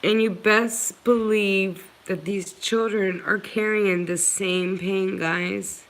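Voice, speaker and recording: A woman's voice: medium pitch, fairly even intonation, takes it slowly, low-quality recording. A woman hosting a live stream, answering viewers' comments in an earnest, pleading way and talking straight to them. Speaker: livestream host answering viewers.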